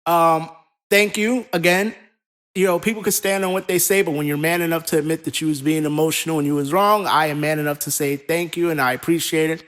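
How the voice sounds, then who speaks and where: A man co-hosting a casual podcast, talking in an animated, profane, rambling way. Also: a little high, brisk. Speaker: co-host.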